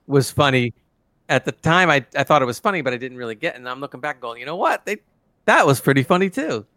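This is a man co-hosting a casual review podcast. He is keen and rambling, backing up and restarting his thoughts as he goes. His voice sits at a middling pitch, and the recording is dry and close. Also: lively intonation, fast, sharp tone, no room sound. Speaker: podcast co-host.

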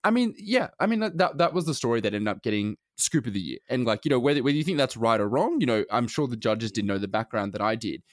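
Rambling man, lively pitch. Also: quick pace, few pauses, no room sound, studio quality. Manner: rambling with many fillers and restarts. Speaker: podcast co-host. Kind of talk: casual chat.

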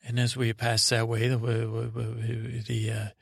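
A man hosting a podcast, telling a meandering bedtime story in a halting, self-correcting way. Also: mid-range voice, monotone, creaky, no echo, clean studio sound.

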